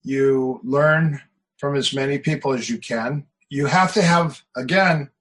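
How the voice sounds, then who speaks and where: A man's voice: medium pitch, measured pace, fairly bright tone, husky, low-quality recording. A middle-aged man, a martial arts coach, talking casually in an interview. He tells anecdotes with energy and repeats phrases for emphasis.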